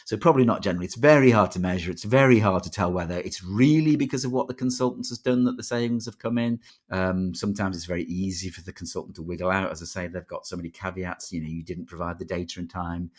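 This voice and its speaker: A man with a very deep, husky voice co-hosts a casual podcast. He gives measured advice in an easy conversational way, often ending on tag questions. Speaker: podcast co-host. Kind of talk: casual chat.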